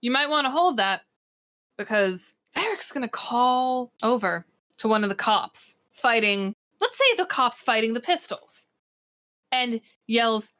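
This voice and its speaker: A woman running a tabletop actual play, her voice pitched a little high and very bright. She narrates the action playfully, pausing for drama before each twist. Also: animated. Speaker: game master.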